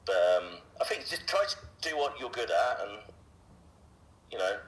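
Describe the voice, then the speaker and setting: A voice actor being interviewed, a man talking casually and haltingly, with frequent fillers and restarts. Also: mid-range voice, very animated, a bit bright, poor audio. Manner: hesitant, many fillers and restarts.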